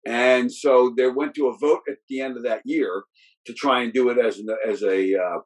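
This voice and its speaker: A middle-aged man with a husky, slightly breathy voice tells stories in a relaxed, casual chat. He rambles, stopping and restarting his sentences and filling gaps with "you know". He talks like a football coach looking back. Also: mid-range voice, normal speed, low-quality recording. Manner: rambling, with many restarts and fillers.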